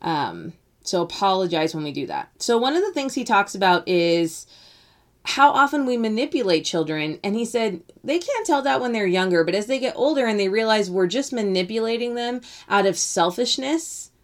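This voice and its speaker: A woman's voice: medium pitch, animated, normal speed. A woman in her thirties hosting a podcast, talking casually about a parenting book with many fillers and restarts. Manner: conversational, many fillers and restarts, quotes the author. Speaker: podcast host.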